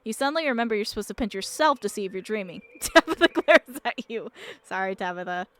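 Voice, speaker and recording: A young woman streaming, reading a visual novel aloud and reacting with excited laughs and exclamations. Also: medium pitch, quick pace.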